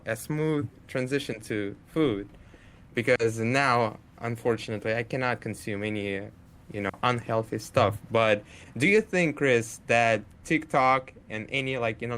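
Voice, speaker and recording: A man's voice: mid-range voice, unhurried, fairly bright tone, slight background noise. A man hosting a casual podcast, who swears, laughs often and acts out quoted speech. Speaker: podcast host. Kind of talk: casual chat.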